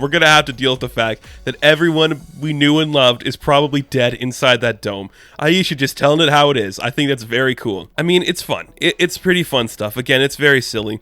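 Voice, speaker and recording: A chatty male reviewer talks through a comic issue in a relaxed, rambling way, with "like" and "you know" all over his lines. His voice sits at an average pitch and sounds close and dry. Faint music runs quietly behind him. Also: fairly quick, few pauses, dry recording. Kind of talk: casual review commentary.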